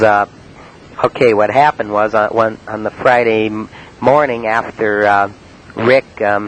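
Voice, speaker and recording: A man from Cleveland telling about his prank calls in a halting, rambling monologue full of uh and um. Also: on the low side, low-quality recording. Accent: Cleveland, Ohio. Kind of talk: rambling spoken-word monologue. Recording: faint hiss on an old cassette tape.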